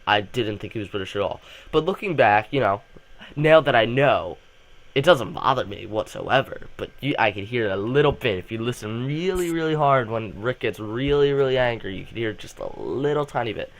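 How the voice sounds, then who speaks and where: A young man talks eagerly in a loose, rambling fan vlog, stumbling over restarts and piling on filler words. His voice sits at an ordinary middle pitch. He is coming down with a cold. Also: lively intonation, moderate pace. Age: student. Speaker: channel host. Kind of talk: casual fan vlog commentary.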